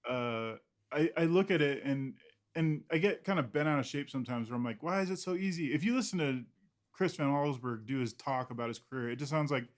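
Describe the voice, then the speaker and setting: A man's voice: medium pitch, fairly quick. A man, an illustrator guest in an interview, talking casually in a rambling, self-deprecating way with frequent laughs.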